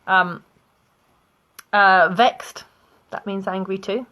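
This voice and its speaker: Slow, patient British woman teaching words. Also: medium pitch, fairly even intonation, sharp tone, a little hiss or hum. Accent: British English. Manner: slow, explaining with examples and little laughs. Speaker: English teacher. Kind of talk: online vocabulary lesson.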